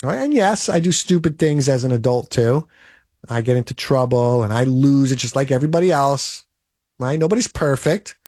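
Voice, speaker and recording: A man's voice: medium pitch, lively intonation, moderate pace, mellow, no room sound, clean studio sound. A man in his late forties delivering a blunt, motivational monologue full of rhetorical "right?"s. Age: 40s. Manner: emphatic, blunt and pep-talking, with rhetorical "right?".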